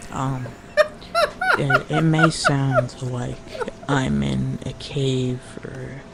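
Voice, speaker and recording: A man voicing a halting prank caller posing as an impostor, calling from a construction site. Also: flat delivery, vocal fry, over loud music. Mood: deadpan. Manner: slow, halting, with many pauses and fillers. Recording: rumbling construction noise behind a phone call.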